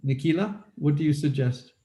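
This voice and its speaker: A man with a slightly high voice speaks over a video call from an echoey room. He sounds polite and patient, stopping often to check whether the others can hear him. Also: moderate pace, dark tone. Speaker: webinar presenter. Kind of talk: live video call talk.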